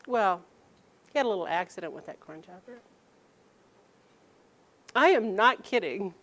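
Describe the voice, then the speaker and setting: A woman telling a personal story aloud, halting and restarting sentences and acting out the people she quotes. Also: mid-range voice, lively intonation, fairly bright tone.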